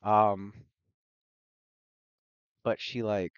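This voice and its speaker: A man narrating as game master of a tabletop game on a livestream, talking in a halting way with frequent restarts. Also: on the low side, flat delivery, smooth, no room sound, highs cut off. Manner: halting, full of fillers and restarts.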